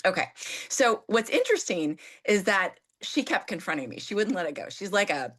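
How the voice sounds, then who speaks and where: A middle-aged woman, a therapist and coach, telling a candid story in an animated, self-deprecating way and acting out her own frustrated outbursts. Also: medium pitch, normal speed.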